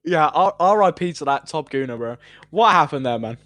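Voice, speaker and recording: A man's voice: a little high, animated, a little fast, a bit bright, no echo. A young man hosting a podcast in casual chat, rambling through his questions with many fillers and curse words. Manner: rambling, filler-heavy, profane. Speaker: podcast host.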